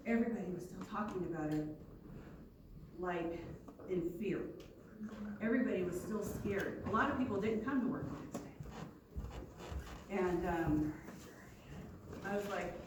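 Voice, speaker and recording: Woman telling a story in an echoey room. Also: medium pitch. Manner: animated storytelling with acted-out quotes. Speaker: youth leader. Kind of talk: personal story told to a youth group. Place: church youth room. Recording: echoey room from far off with noise.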